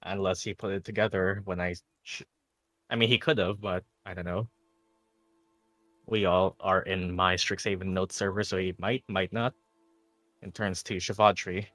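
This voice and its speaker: A man running a tabletop game as game master, narrating in a relaxed, halting way with fillers. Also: low-pitched, no echo, soft background music, rough recording.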